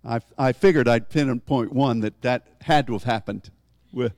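A man's voice: measured pace, no echo. Conversational man preaching, dry sound. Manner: conversational, animated, rises in pitch for emphasis. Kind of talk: sermon.

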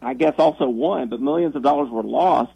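A man who is a minister, telling a story on the radio in an animated, excitable way, often restarting his sentences. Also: mid-range voice, a little fast, gravelly, husky, no echo, muffled recording.

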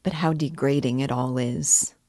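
A woman's voice: very deep voice, fairly even intonation, moderate pace, dark tone, dry recording. A woman reading a novel aloud, voicing a poor, troubled young man who is tense and secretive, muttering his thoughts.

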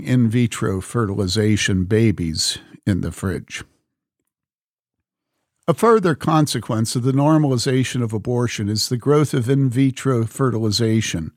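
A man reading a book aloud in a measured, earnest way, speaking the quote marks as he goes. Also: fairly low pitch, darkish tone, dry recording, clean studio sound. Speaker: reader.

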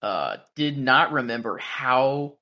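A man's voice: medium pitch, animated, slow pace, bright, forceful tone. A man co-hosting a casual show recap chat, with hesitant fillers.

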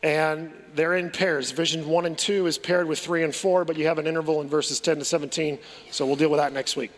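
A man's voice: on the high side, flat delivery, a little fast. A man preaching a sermon as pastor, earnest, asking rhetorical questions and restarting his phrases. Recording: long hall reverb.

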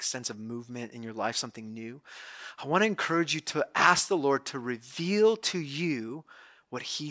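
A male pastor giving a conversational, animated sermon, retelling scripture as a story. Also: medium pitch.

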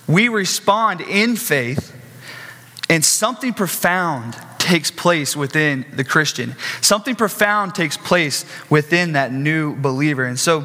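Male pastor, bright, slightly high voice, chatty sermon delivery, long hall reverb. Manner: conversational preaching with asides and questions to the congregation.

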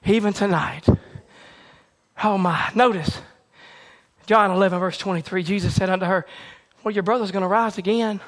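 A man preaching a sermon with a repetitive, building cadence that swings between shouted peaks and hushed, near-whispered lines. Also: sits high, steady tone, moderate pace.

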